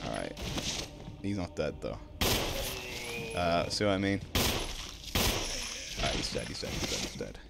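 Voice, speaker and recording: A young Irish man streaming a video game, chatting casually with his viewers between drawn-out ums. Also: low voice, very animated, vocal fry, heavy background noise. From Ireland. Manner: laid-back, drawn-out ums, greets chat. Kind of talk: casual live-stream chat while gaming.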